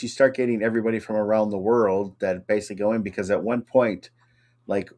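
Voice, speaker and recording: A man's voice: lowish voice, darkish tone. A man co-hosting a casual chat show, upbeat and chatty, reading out viewer comments. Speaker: co-host.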